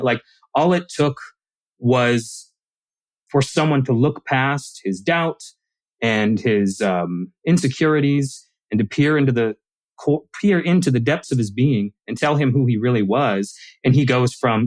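A man's voice: mid-range voice, moderate pace, no echo, rough recording. A man as an author guest in a casual conversation, telling stories animatedly and acting out quoted lines.

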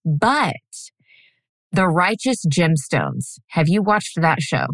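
A woman's voice: on the low side, very animated, takes it slowly, no room sound. A woman co-hosting a podcast in casual chat, goofy and rambling, swearing freely. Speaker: podcast co-host.

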